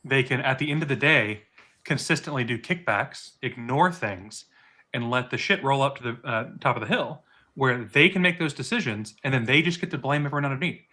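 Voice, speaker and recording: A man's voice: medium pitch, a little fast, sharp tone. A man co-hosting a casual discussion, conversational with fillers and the odd dry quip. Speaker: co-host.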